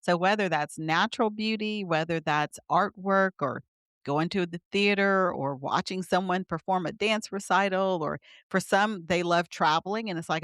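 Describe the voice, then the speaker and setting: In a conversational interview, a middle-aged physician guest explains ideas earnestly with occasional light laughter. She speaks in a lowish, fairly bright voice at a moderate pace, and the studio-quality recording has no room sound.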